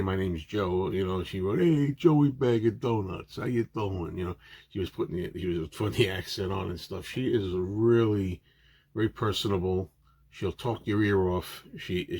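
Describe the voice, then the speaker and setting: A man casually showing off his autograph collection, chatty and enthusiastic, rambling with many filler pauses and restarts. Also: low-pitched, husky. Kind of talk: casual show-and-tell narration.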